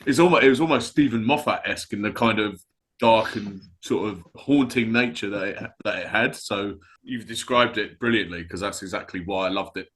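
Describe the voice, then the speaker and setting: A man's voice: fairly low pitch, fairly quick, fairly bright tone. A man co-hosting a casual chat, agreeing and building on the other host's points. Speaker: podcast co-host.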